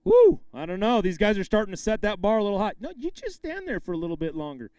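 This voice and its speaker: A man's voice: high voice, huge pitch swings, fast talker, a little mellow, no echo. A man emceeing a live fishing tournament weigh-in, bantering with anglers and calling out the weights with bursts of hype.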